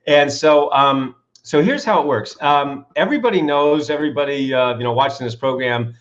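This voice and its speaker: A man's voice: on the high side, normal speed. Enthusiastic man on a lo-fi call. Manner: enthusiastic, builds to excited peaks, asks rhetorical questions. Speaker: author and coach, interview guest. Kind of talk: animated interview storytelling.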